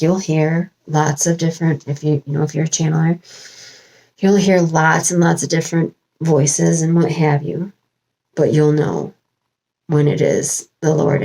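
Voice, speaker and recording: A woman's voice: deep voice, gravelly, mellow, low-quality recording. A woman talking as a spiritual channeler in a rambling home vlog, wandering with many fillers and restarts. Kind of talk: casual spiritual vlog monologue.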